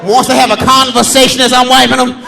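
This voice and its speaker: A man in his thirties doing live stand-up comedy on a theater stage, telling loud, profane stories about his kids and acting them out in squeaky shouts. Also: little pitch movement, fast talker, vocal fry, some chatter behind. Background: live audience laughter.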